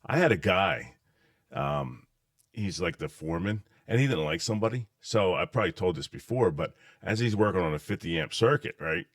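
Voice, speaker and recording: A man hosting a casual chat, an animated storyteller who laughs often and keeps saying dude. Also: on the low side, moderate pace, gravelly, no echo, clean studio sound. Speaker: podcast host.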